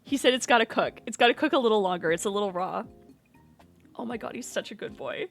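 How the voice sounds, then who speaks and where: A woman streamer chatting casually and with animation, slipping into high baby talk with her pet bird. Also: lively intonation, fast talker, gravelly, soft background music.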